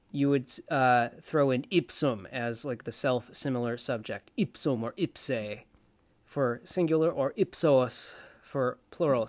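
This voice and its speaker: Male presenter, slow and unhurried, dry close sound, chatty lesson delivery. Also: mid-range voice, dry recording. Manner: chatty and playful, repeating words slowly for pronunciation. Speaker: self-taught Latin presenter. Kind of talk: casual explanatory lesson.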